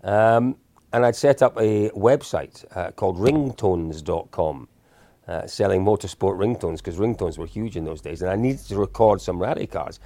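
Man, low gravelly voice. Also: moderate pace, mellow, dry recording. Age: 50s. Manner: chatty and self-deprecating, with frequent restarts. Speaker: podcast co-host. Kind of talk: anecdotal storytelling, casual chat.

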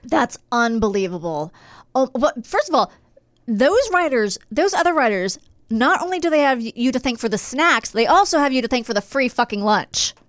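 A high-voiced woman co-host who swoops up and down and speaks slowly. She reacts with gasps and sympathy in casual chat, recorded dry and close. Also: very animated, dry recording. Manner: reactive, gasping and sympathetic interjections. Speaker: podcast co-host.

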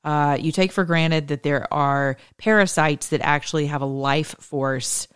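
Low-voiced emphatic woman host. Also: measured pace, clean tone. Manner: chatty, emphatic storytelling with asides and self-interruptions. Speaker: political commentary host. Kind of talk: casual monologue commentary.

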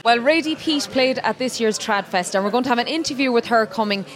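An Irish woman from Galway co-hosting a radio show. Her voice is a little higher than most. She chats in a friendly way and teases her co-host. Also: quick pace, a bit bright. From Ireland, Galway. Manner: friendly, playful teasing. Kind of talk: casual radio chat.

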